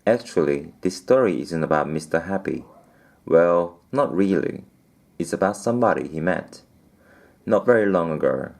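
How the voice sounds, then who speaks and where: A man's voice: sits low, lively intonation, moderate pace, gravelly, a little mellow. A man reading a children's storybook aloud, with playful asides to the listener.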